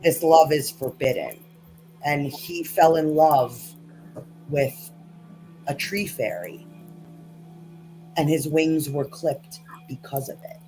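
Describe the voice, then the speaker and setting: A woman narrating as game master in a tabletop game, casual and halting with many fillers. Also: deep voice, dark tone, faint music behind, low-quality recording.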